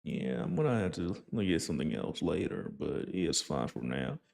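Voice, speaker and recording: A man's voice: very deep voice, sing-song, normal speed, vocal fry, a little mellow. A young man casually commenting on his gameplay, rambling and joking, sometimes slipping into a put-on folksy accent. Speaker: gaming channel host.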